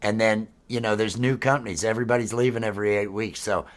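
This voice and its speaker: A blunt, easygoing middle-aged man chatting on a casual podcast. His voice sits a little low, with a relaxed delivery. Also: fast. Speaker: podcast co-host. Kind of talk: casual chat.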